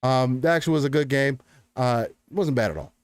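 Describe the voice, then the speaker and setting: A man in his twenties co-hosting a casual gaming podcast, joking and animated. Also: mid-range voice, a little fast, clean tone, no room sound. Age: 20s. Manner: animated, joking, drifts into announcer voice. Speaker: podcast co-host.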